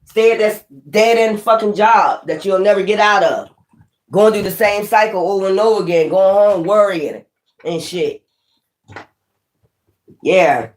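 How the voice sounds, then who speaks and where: A woman's voice: mid-range voice, a little slow, long pauses. Woman, tarot reader, mid-range voice, blunt and profane, ranting, roomy echo. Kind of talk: spoken tarot reading. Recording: echoey room.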